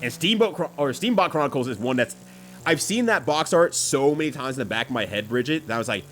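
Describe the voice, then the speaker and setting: A man's voice: fairly high pitch, very animated, fast talker, fairly bright tone, slight background noise. A young man streaming a racing game, chatting casually with viewers, swearing freely and laughing often.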